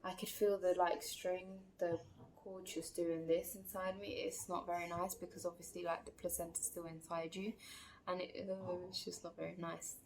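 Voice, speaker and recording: A woman's voice: fairly low pitch, flat delivery, moderate pace, darkish tone, slight background noise. A woman telling a personal story in a casual, chatty vlog, full of fillers and acted-out quotes. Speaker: vlogger.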